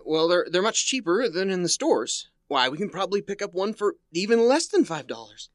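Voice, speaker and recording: A man's voice: high-pitched, very animated, a little fast, dry recording, clean studio sound. An actor playing a shy, awkward male teacher in a 1950s radio comedy, hesitant and fumbling. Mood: bashful.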